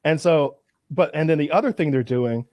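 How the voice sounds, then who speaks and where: A man co-hosting a podcast, chatting casually and telling stories in an animated way. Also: on the high side, normal speed, no echo, lo-fi sound. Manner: animated storytelling, mock announcer voices. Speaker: podcast co-host.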